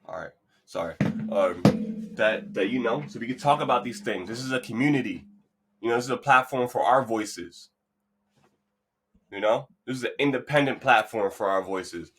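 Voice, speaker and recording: Bright-voiced upbeat male podcast host. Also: medium pitch, normal speed, husky. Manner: loose, rambling, upbeat and encouraging. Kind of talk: casual motivational monologue. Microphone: podcast mic.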